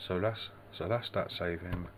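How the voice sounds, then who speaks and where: A man's voice: low voice, fairly even intonation, moderate pace, background noise. A man from the United Kingdom rambling in a vlog monologue, swearing constantly and muttering asides to himself.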